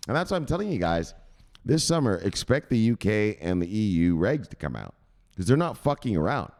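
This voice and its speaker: Fairly low in pitch and fairly quick, a man gives excitable, profane, casual commentary while hosting a crypto news show, marking each point with a shouted "bang."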